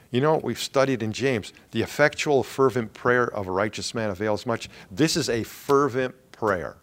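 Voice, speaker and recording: A middle-aged male pastor preaching a sermon in an earnest, emphatic way with dramatic pauses. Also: medium pitch, a bit bright.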